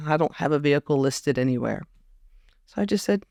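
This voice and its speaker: A woman's voice: deep voice, animated, a little fast, gravelly, darkish tone, no echo, clean studio sound. A woman guest in a casual conversation, reflective and storytelling, often quoting others. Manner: reflective storyteller, quotes others with put-on voices. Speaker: podcast guest.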